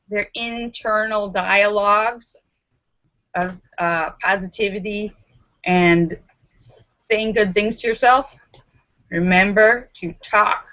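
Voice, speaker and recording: A woman hosting a casual live stream and reading out viewer jokes in a giggly, animated way. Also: a little high, lo-fi sound. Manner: giggly and animated, breaks into laughter.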